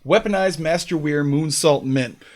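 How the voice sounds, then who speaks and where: A man's voice: on the high side, moderate pace. A man appearing as a guest on a live online show, answering with short, joking replies. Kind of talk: casual live-stream chat.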